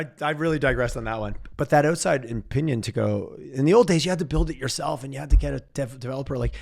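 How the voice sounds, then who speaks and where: Guy hosting a business podcast, talks fast, lots of fry in his voice, keeps riffing. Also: medium pitch. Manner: animated, talks in quick run-on bursts. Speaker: podcast host. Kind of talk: casual conversational interview.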